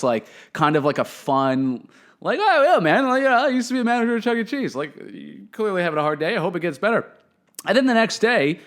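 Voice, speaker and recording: A young man telling a casual story as a comedian host, animated and swearing, jumping into quick voices for the people he quotes. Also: on the high side.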